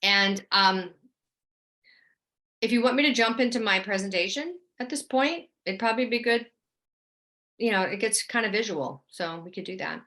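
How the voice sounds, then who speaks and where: A middle-aged woman telling her story as an interview guest, chatty and animated. Her voice is bright and forward, with a medium pitch for a woman. She slips into acted-out quotes as she goes. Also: moderate pace, long pauses. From New Orleans. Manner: chatty and animated, acts out quoted lines with a higher voice. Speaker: guest, UFO experiencer and actress.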